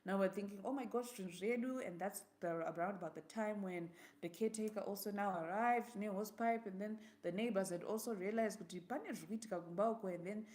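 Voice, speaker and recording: A woman's voice: mid-range voice, fairly quick, few pauses, a little mellow. A young woman, telling a personal story in a live vlog, slipping into Shona words as she goes. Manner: vivid storyteller, slips into Shona. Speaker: vlogger and host.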